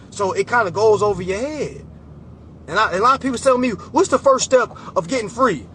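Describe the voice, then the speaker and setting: A man's voice: sits high, pushed and bright, a little hiss or hum. A man mentoring his followers in a casual, preachy motivational talk, full of slang and repeated "okay?" checks, speaking from a car. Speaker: financial mentor.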